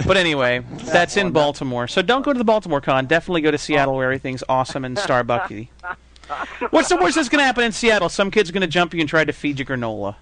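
A man's voice: on the high side, very animated, fast talker, fairly bright tone. A man hosting a podcast, telling stories animatedly and acting out other people's voices in casual comedic chat. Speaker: podcast host.

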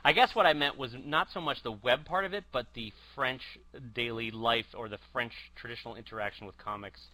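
A man's voice: mid-range voice, a little fast, sharp tone, no echo, rough recording. A man co-hosting a casual podcast, chatty and self-mocking. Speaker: podcast co-host. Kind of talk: casual chat.

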